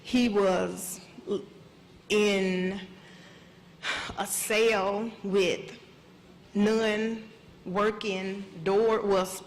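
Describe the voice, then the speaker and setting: A middle-aged mother giving emotional testimony on a panel, speaking haltingly and repeating herself as she holds back tears. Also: mid-range voice, flat delivery. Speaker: mother of an incarcerated son. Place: conference hall stage. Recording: echoey hall with faint hiss.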